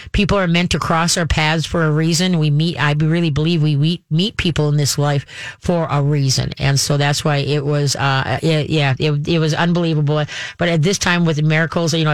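A woman telling a personal story to her viewers in a rambling, halting way, full of restarts and folksy sayings. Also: low-pitched, no echo.

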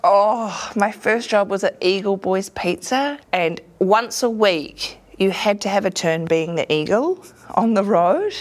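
Lively New Zealand woman telling stories. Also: medium pitch, unhurried. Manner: lively storyteller who acts out voices and laughs often. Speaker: comedian and actor. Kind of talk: casual anecdotes in an interview.

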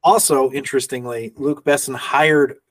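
A man's voice: mid-range voice, steady tone, moderate pace, no echo, recorded from a distance. A man co-hosting a movie podcast in casual chat, rambling and laughing often as he acts out little quotes. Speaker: podcast co-host.

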